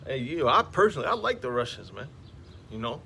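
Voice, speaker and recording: A man's voice: mid-range voice, very animated, fast talker, creaky, pushed and bright. A man street preaching in a slangy, emphatic way, peppering his talk with "man, all right?" outdoors beside passing traffic.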